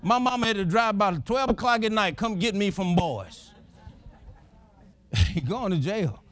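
A middle-aged man preaching a sermon, telling folksy stories in an animated way. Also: sits high, unhurried.

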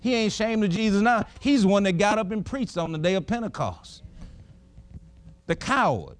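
A middle-aged man preaching a sermon, telling folksy stories in an animated way. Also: high-pitched, normal speed.

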